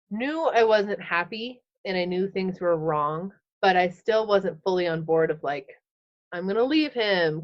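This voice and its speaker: A woman in her thirties tells her personal story as a podcast guest, candid and unscripted. She keeps saying "like" and voices her past thoughts as little quoted scenes. The audio sounds a bit dull and lo-fi. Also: lowish voice. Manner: fills speech with "like", acts out her own past thoughts.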